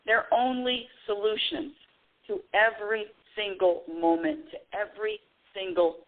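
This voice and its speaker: A woman's voice: medium pitch, moderate pace. A middle-aged woman hosting a spiritual call-in radio show, talking animatedly with frequent laughs and dramatic self-quotes. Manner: animated, laughing often, quoting herself dramatically. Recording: tinny phone line.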